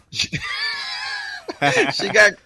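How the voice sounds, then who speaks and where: A man's voice: very high-pitched, wildly swooping pitch, drawn-out words, bright, forceful tone, shouting, a little hiss or hum. A man co-hosting a podcast, telling rambling, profane stories full of restarts, with a slight speech impairment. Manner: rambling storyteller, frequent restarts, swears a lot. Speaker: podcast co-host, father. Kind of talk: casual profane chat.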